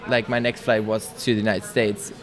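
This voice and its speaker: A man's voice: fairly low pitch, flat delivery, fairly quick, a crowd in the background. A young man from East Germany, a guest answering casual interview questions hesitantly. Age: young adult. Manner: hesitant, many fillers.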